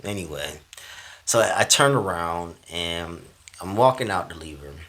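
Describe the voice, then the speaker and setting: Male vlogger, storytime, lowish pitch with a sharp bright edge, slangy, jumps between hushed and loud. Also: normal speed, slightly rough. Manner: animated, slangy, swings between hushed asides and loud bursts. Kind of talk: casual storytime.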